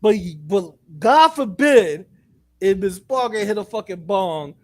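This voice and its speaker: A man with a high voice talking in casual chat, blunt and profane. He gets animated and acts out other people's lines in a mocking tone. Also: unhurried. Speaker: co-host.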